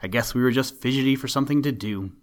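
A man voices an eager, anxious boy in a storybook reading. The delivery is earnest and slightly raised, a touch higher than the narration. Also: fast talker, natural voice.

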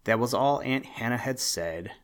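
A man narrating a storybook in a measured, expressive reading. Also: medium pitch.

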